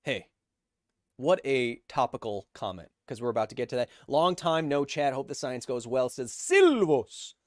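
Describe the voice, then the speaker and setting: A man's voice: mid-range voice, moderate pace, dry recording, clean studio sound. A man hosting a casual livestream, reading out viewer donations and answering them with playful, self-mocking jokes.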